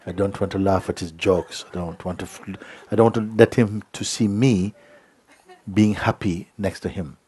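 A man giving a spiritual talk, telling a story in an unhurried way with many hesitations. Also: sits low, steady tone, mellow, breathy edge. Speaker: spiritual teacher.

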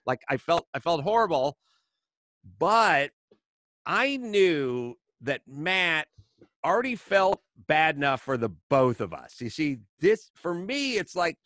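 Animated middle-aged man telling stories. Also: fairly high pitch, takes it slowly, dry recording, studio quality. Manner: animated, acts out voices in anecdotes. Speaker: podcast host. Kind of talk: casual comedic storytelling.

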